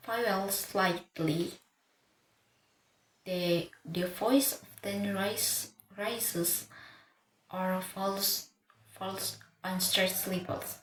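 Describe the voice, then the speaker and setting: A woman teaches pronunciation in a slow, deliberate voice, often stopping to restart or repeat a word. Her voice sits at a middle pitch. The room is echoey, with a faint hum of ambience behind her. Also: a bit bright. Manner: restarts words, repeats them while reading notes. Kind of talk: slow, careful lesson delivery.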